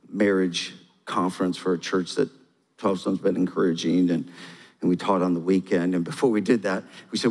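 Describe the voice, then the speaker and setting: A man's voice: sits low, vocal fry, darkish tone. A middle-aged man preaching, telling stories, asking the crowd questions and repeating key phrases. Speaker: pastor. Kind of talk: sermon. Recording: long hall reverb.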